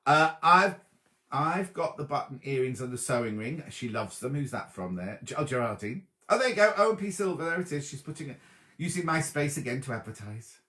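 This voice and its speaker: A man hosting a sewing show in a chatty, easily distracted way, reading viewer comments out loud from his sofa at home. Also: mid-range voice, very animated, fairly quick, reverberant. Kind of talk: casual livestream chat reading viewer comments.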